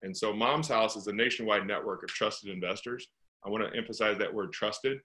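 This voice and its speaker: Bright-voiced middle-aged man telling stories. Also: on the low side, fast talker, poor audio. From St. Louis. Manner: earnest, animated storyteller with rhetorical questions. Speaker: guest, real estate investor. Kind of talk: conversational interview.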